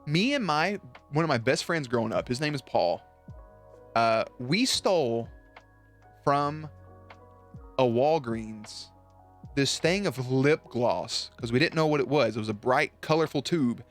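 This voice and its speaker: A man's voice: mid-range voice, lively intonation, measured pace, soft background music. A young man streaming live, telling stories to his chat in a casual, profane and laughing way.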